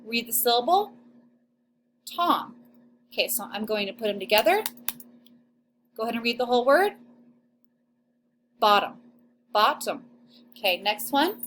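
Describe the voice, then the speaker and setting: A young adult woman with a fairly high voice leads a recorded phonics lesson for second graders. She sounds out each vowel and syllable slowly, stretching the sounds for small children. A faint hiss of noise sits under her voice. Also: a bit bright. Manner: slow, exaggerated sounding-out of syllables.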